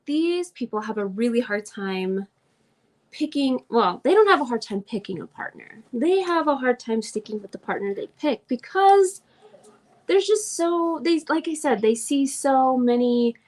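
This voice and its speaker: A woman from Oklahoma hosting a casual livestream astrology class, chatty and quick to laugh, acting out little quoted voices. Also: sits high, expressive, darkish tone.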